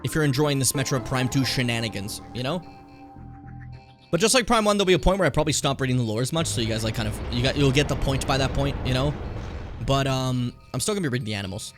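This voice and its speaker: A man's voice: mid-range voice, animated, fast, music in the background. A tired man in his late twenties, streaming a game casually, swearing freely and stumbling as he reads on-screen text aloud. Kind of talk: casual gameplay commentary.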